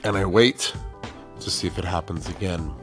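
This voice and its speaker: A middle-aged man, a teacher, spins a funny story from his classroom in a lively, self-mocking voice that sits a little low. He slips into the voices of the people he quotes, with faint music behind him. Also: moderate pace.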